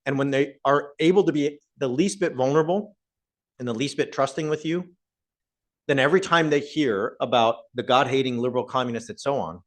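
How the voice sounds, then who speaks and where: A man's voice: medium pitch, fairly quick. A man and professor giving a conversational public talk to a live audience, often putting questions to the listeners. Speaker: guest speaker, professor.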